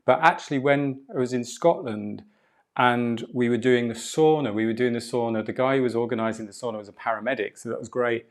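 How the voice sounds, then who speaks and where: Calm man guiding a breathwork class. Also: mid-range voice. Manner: calm, guiding cues with drawn-out repetitions. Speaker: qigong and breathwork instructor. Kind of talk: live online movement class instruction. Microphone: video call.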